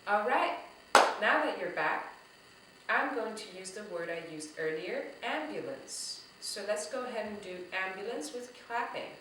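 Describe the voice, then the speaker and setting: A woman teaching a drumming lesson to young children, slow and encouraging, talking straight to the kids. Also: medium pitch, expressive, heavy background noise. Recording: echoey room, voice from a distance.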